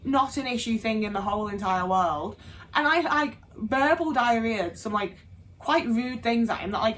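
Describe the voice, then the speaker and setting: A woman's voice: fairly high pitch, a little hiss or hum. A young woman talking frankly in a casual monologue, swearing freely and restarting her sentences. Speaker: vlogger.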